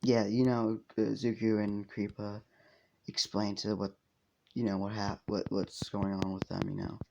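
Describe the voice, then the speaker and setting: A man's voice: lowish voice, little pitch movement, unhurried, gravelly, a little mellow, highs cut off, a little hiss or hum. A man casually telling a fan story, rambling with lots of fillers and swearing.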